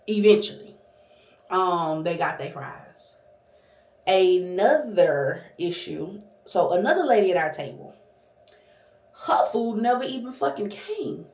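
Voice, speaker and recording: A woman vlogger telling a restaurant story as a casual, profane, animated rant. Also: on the low side, slow pace, echoey room.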